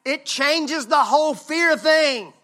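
A male pastor preaching a sermon. He swings from hushed, intimate lines to loud, shouted emphasis. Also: very high-pitched, takes it slowly.

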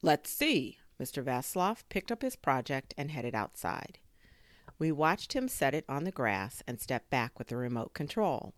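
A woman reading a children's chapter book aloud, expressive and full of sound effects. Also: rumbling low, normal speed, no echo. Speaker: story reader.

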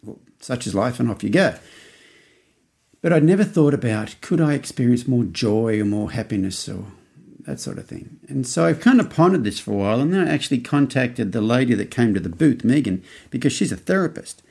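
A man's voice: mid-range voice, animated, brisk, gravelly, a little mellow, slightly rough. An Australian man in his fifties, hosting a podcast and telling a rambling story in a casual way. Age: 50s. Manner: rambling, with many restarts and acted-out quotes. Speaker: podcast host.

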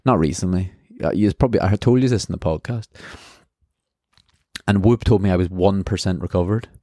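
A man's voice: low voice, a little mellow, no echo, clean studio sound. An Australian man in a casual podcast debrief, talking candidly and rambling a little, swearing now and then. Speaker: podcast host.

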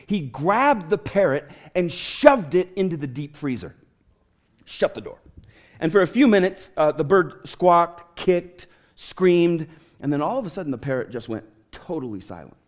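A man's voice: a little high, animated, moderate pace, a little mellow. A man preaching a sermon as a pastor in a church, telling stories and asking the congregation for a show of hands.

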